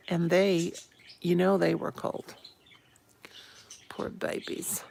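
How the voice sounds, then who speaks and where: A woman in her fifties, a little hoarse, chatting live to viewers from her phone at home and greeting them with pet names. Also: fairly low pitch, flat delivery, slow, a little mellow. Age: 50s. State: a bit hoarse. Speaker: live-stream host. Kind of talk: casual live-stream chat with viewers. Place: home, indoors.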